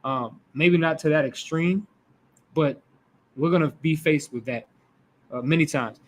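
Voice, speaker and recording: Male Bible teacher, young adult, fairly high voice, lively and casual, slips into acted voices. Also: unhurried. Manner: animated, acts out quoted voices.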